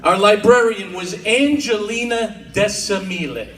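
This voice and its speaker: A man's voice: high voice, unhurried, fairly bright tone. A man doing a stand-up comedy set as a wisecracking storyteller, on a comedy club stage with audience laughter behind him. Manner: wisecracking storyteller, mock-tough Italian-American bits. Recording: roomy club audio from a distance. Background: audience laughter and club ambience.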